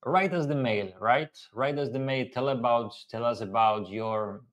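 A man's voice: medium pitch, measured pace. A man hosting a casual live Q&A, talking earnestly and repeating key phrases for emphasis. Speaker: host.

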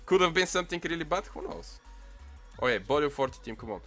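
Bright-voiced young man swearing over gameplay. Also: a little high, fast talker. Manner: excitable, swears often, mutters to himself. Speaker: gaming channel host. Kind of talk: casual mobile gameplay commentary. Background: faint music playlist.

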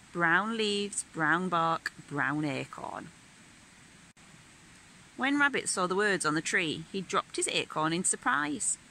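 Slow, bright-voiced woman reading to children. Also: lowish voice, a little hiss or hum, poor audio. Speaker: children's storyteller. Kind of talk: reading a picture book aloud.

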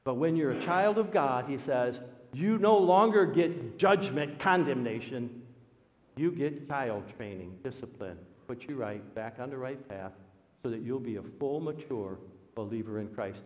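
A man, a pastor, preaching a sermon with animated storytelling, his voice rising for emphasis. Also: medium pitch, moderate pace. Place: church. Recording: dull sound with long hall reverb.

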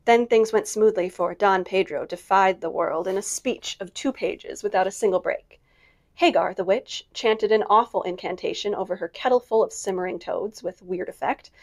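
Woman librarian, storytime narrator, expressive and measured. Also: medium pitch. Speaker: librarian reading aloud. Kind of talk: storytime book reading.

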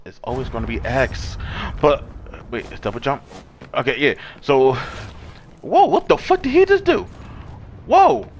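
A young man hosting a casual let's-play, reacting with excitable, profane outbursts over game audio. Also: mid-range voice, a little hiss or hum. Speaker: gaming channel host. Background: game audio and music.

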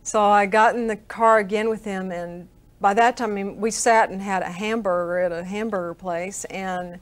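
An older woman tells her story earnestly in an interview. She speaks at an even middle pitch and acts out the remembered dialogue as she goes. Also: normal speed, no room sound. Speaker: interview guest. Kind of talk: recounting a personal story.

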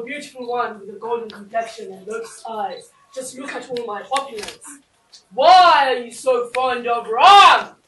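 A woman's voice: a little high, slight background noise, lightly acted. A woman playing a proud, lovesick male demon king in a live stage play, heard far off in an echoey hall. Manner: pleading then defiant.

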